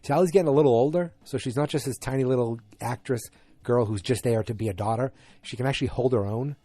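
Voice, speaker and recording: A man's voice: medium pitch, fast, dark tone, no echo. A man hosting a podcast, chatting through an episode recap in a rambling way that flares into exasperation. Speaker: podcast host.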